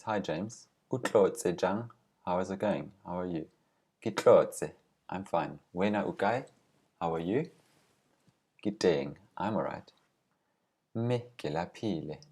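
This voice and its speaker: A man teaching a language lesson, reading short example phrases and patiently explaining each word, slowing down on the key terms. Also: deep voice, a little mellow, slightly rough.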